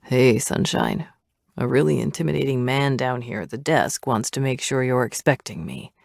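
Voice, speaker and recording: A woman voicing a confident, teasing young man with a low, growly voice in an audiobook romance. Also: drawn-out words, vocal fry, a bit bright, no echo, studio quality, exaggerated voice.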